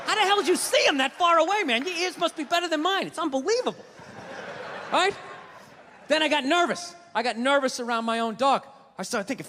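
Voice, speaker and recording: A man doing a stand-up comedy routine, ranting loudly, swearing and acting out voices in his stories. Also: very high-pitched, fast, in a large hall, a little hiss or hum.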